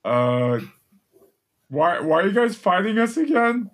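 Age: adult. Figure: a slow, puzzled ogre voiced by a man. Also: sits high, sing-song, voice pushed up. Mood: confused, naive. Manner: slow, puzzled, childlike questioning. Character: dim, naive male ogre, easily confused. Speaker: game master voicing a creature. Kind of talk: tabletop role-play.

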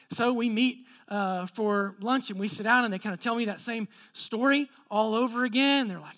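A pastor telling a story from the pulpit in a conversational way. He acts out each person's lines, then drops low and soft when he makes his serious points. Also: fairly quick. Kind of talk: storytelling sermon.

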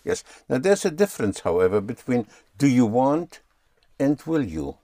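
Patient man teaching German, lively pitch. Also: moderate pace, no echo. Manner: patient, spells words out letter by letter. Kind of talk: one-on-one language lesson.

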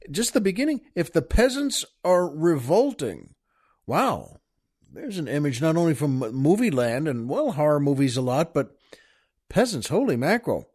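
A man's voice: on the high side, darkish tone. Folksy older man rambling with chuckles. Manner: folksy, chuckling, meandering with many fillers and restarts. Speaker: podcast host. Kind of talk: casual rambling monologue.

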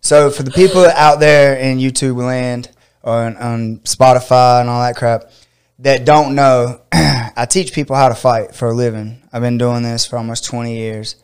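A middle-aged man from Georgia with a drawl tells a story in casual chat. His voice is smooth and clear. He laughs often and slips into high squeaky voices when he quotes people. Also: steady tone, moderate pace. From Georgia, USA. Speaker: podcast host and fight coach.

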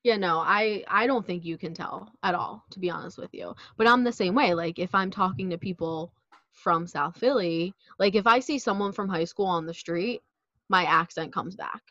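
A young woman from South Philadelphia co-hosting a casual podcast, chatty and quick with lots of fillers. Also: lowish voice, a bit bright, dry recording, highs cut off. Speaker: podcast co-host.

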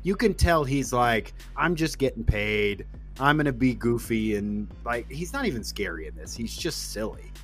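A man's voice: mid-range voice, big pitch swings, normal speed, a bit bright, soft background music. A man co-hosting a casual movie podcast, laughing easily and putting on goofy impressions.

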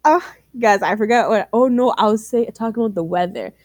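A woman's voice: a little high, fairly quick, a little mellow, dry recording. A young woman co-hosting a podcast in casual chat, laughing often and exclaiming. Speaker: podcast co-host.

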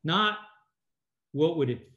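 A middle-aged man, a former submarine captain and now an author, telling stories as a guest in an interview and quoting people in lively voices. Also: fairly high pitch, slow pace. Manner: animated storyteller, quotes people in lively voices. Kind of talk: conversational interview storytelling. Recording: roomy, slightly dull sound.

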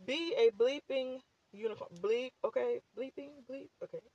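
A woman with a high, somewhat mellow voice hosts a casual chat show, talking at a moderate pace in a loose, filler-laden way. She's a podcast host and author whose voice is scratchy and a touch breathless. The sound is lo-fi.

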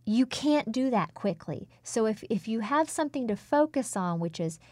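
A woman speaking coach giving measured, instructive advice in a conversational interview. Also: on the high side, lively intonation, darkish tone, no echo.

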